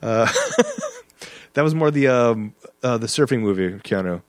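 A man's voice: medium pitch, expressive, a little slow, smooth, no echo. A man hosting a casual movie podcast, joking and chuckling through his points. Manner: chuckling, jokey asides.

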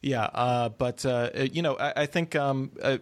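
A man hosting an interview podcast, asking questions casually and pausing often with fillers. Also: mid-range voice. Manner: hesitant, many fillers and restarts. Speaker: podcast host.

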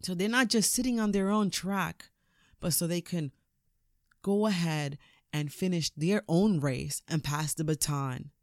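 A woman hosting a podcast, giving an energetic, preachy motivational talk and laughing often. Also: fairly low pitch, measured pace, no room sound, clean studio sound. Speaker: podcast host, motivational speaker.

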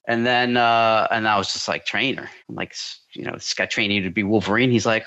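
A man in his forties tells a story in a casual podcast chat, and his voice is bright and forceful. He sits a little low in pitch and rambles excitably, with plenty of fillers and false starts. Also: fast talker, hardly any pauses, highs cut off. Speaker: podcast co-host.

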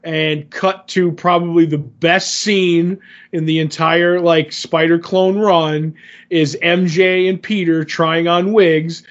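A man with a slightly high voice rambles through a comic recap, full of ums and little acted-out quotes. The sound is dull and lo-fi, like a cheap podcast mic. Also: flat delivery, slow. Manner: rambling recap with many fillers, acts out quotes. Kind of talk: casual chat. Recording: dull lo-fi audio.

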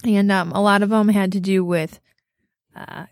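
A woman's voice: mid-range voice, steady tone, fairly quick, no room sound, clean studio sound. Woman podcast host telling a story. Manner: storytelling, laughing through her words. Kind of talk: casual chat.

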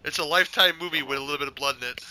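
A man's voice: on the high side, rapid-fire, a crowd in the background, rough recording. A man chatting casually on a movie commentary podcast, opinionated and profane, often stammering into restarts. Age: adult, older than childhood viewing years. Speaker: podcast host.

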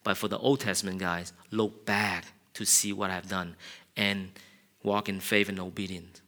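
Bright-voiced earnest male preacher. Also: deep voice, level tone, normal speed. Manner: earnest, confessional, builds to loud passionate shouting. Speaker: pastor. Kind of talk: sermon.

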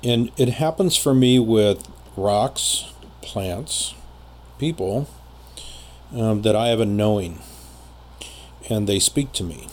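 A man telling a personal story in casual conversation as a podcast guest, rambling with many pauses and fillers. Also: on the low side, darkish tone, a little hiss or hum.

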